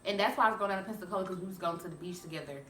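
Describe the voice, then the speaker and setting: A young woman vlogger telling a storytime to her viewers in a chatty, animated way, calling them y'all. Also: on the low side, racing, slight background noise. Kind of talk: storytime vlog. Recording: echoey room, a bit far from mic.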